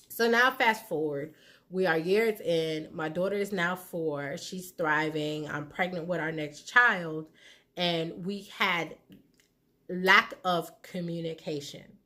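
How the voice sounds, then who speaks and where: A woman's voice: on the low side, pushed and bright. A woman in her thirties talking candidly to her viewers about her marriage, frank and conversational, acting out what people said. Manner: frank and conversational, acts out quoted lines. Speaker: vlogger giving relationship advice. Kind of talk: candid personal talk to viewers.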